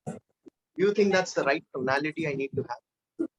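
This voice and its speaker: A man leading a live online public speaking training, energetic and animated, swinging between loud and soft for emphasis. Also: fairly high pitch, normal speed, pauses often, lo-fi sound, slight background noise.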